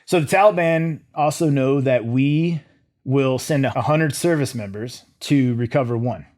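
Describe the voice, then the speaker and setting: A middle-aged man, a former soldier, telling his story as an interview guest in a lively way, acting out his own thoughts. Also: medium pitch, unhurried. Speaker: guest, former Green Beret.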